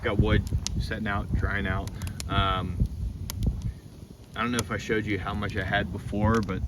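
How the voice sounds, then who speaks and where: The recording is very noisy as a young man rambles into his phone camera while camping by himself on a lake island, in a tent and beside a campfire. His voice sits on the low side, flat and a little slow, and he stays loose and laid-back, swearing at times.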